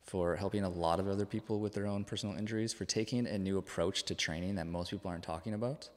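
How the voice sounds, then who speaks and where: A man hosting a podcast, asking questions in a brisk, upbeat way. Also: sits low, long reverb tail. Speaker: podcast host. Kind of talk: interview questions.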